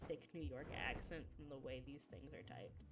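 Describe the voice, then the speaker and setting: A woman's voice: a bass voice, moderate pace, far from the mic. A woman streaming a video game, chatting casually and reading the game's dialogue aloud. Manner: reads game dialogue aloud, lively and offhand. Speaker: gaming streamer. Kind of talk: casual gameplay commentary.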